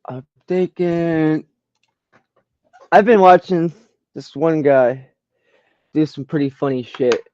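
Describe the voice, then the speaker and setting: A man casually talking through a screen-share, slangy and profane, reacting with loud disbelief to what he finds. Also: fairly high pitch, slow, long pauses, dry recording. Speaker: vlogger browsing trending searches. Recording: dull lo-fi dry sound.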